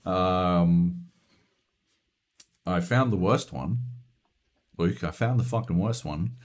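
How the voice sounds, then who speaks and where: A man's voice: deep voice, slow. A man co-hosting a gaming podcast, ranting animatedly and swearing constantly in casual chat. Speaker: podcast co-host.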